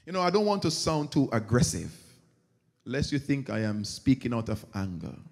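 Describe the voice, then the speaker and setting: A man's voice: medium pitch, normal speed. A man preaching a sermon as pastor, telling stories and acting out their characters. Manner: animated storytelling, acting out characters. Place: church sanctuary. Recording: long church reverb.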